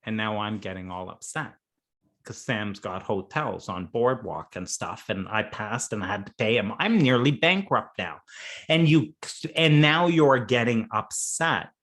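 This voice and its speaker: Unhurried, playful male coach with a lively voice. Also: lowish voice. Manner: playful, laughs often, acts out little scenes. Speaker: coach and interview guest. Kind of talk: conversational coaching talk.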